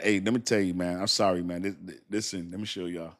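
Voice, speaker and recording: A man's voice: sits low, fairly even intonation, quick pace, few pauses. A man hosting a casual crypto livestream, talking straight to his viewers in a rambling, slangy way, laughing often and poking fun at himself. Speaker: crypto channel host.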